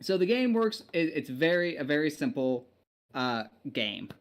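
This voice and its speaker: Male game master, casual rambling narration, fairly high voice. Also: very animated, measured pace. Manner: casual, rambling with many fillers.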